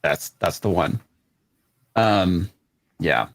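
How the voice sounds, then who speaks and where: A man's voice: low voice, lively intonation, drawn-out words, vocal fry, no room sound. A man hosting a casual live stream, reading news articles aloud and rambling between them with stammers and swearing. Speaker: livestream host.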